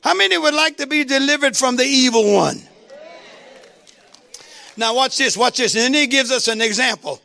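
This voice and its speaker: Male pastor, very high gravelly voice, call-and-response sermon style. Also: moderate pace, long pauses. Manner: call-and-response, shouted exclamations to the congregation.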